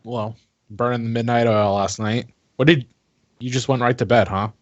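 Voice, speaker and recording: A man's voice: mid-range voice, steady tone, dry recording, muffled recording, close to an everyday voice. A man playing Alistair, a paranoid heir. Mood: wry. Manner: halting and apologetic, with many restarts.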